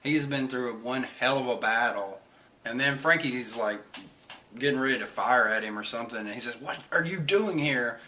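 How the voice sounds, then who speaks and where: Man, bright forceful voice, casual rambling recap, lots of filler words, reads out quotes. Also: medium pitch, fairly even intonation, normal speed, a little hiss or hum. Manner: rambling, filler-heavy, often reads and acts out character lines. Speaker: streamer recapping a manga chapter.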